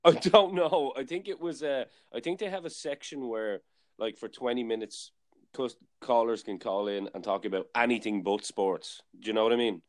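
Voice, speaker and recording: A man's voice: medium pitch, moderate pace. A man hosting a podcast, telling a story in a casual, rambling way with lots of fillers. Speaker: podcast host. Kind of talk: casual chat.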